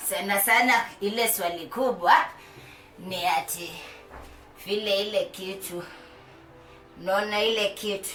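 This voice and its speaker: This vlogger is a young Kenyan-accented woman with a medium-pitched, somewhat bright voice, recorded on a distant mic with a roomy sound. Chatting casually to camera from home as street noise drifts in, she's playful, laughs a lot, and switches between English and Swahili.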